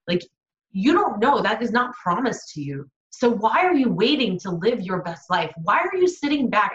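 A woman's voice: mid-range voice, very animated, fairly bright tone. A woman co-hosting a motivational podcast, talking earnestly and preaching about taking action. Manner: earnest, preachy, fast bursts. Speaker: podcast co-host. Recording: echoey room, dull lo-fi sound.

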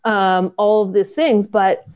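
Casting: woman podcast co-host, warm mellow tone, thoughtful and heartfelt, slightly muffled lo-fi sound. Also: medium pitch, steady tone, slow pace. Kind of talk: casual podcast chat. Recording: dull lo-fi audio.

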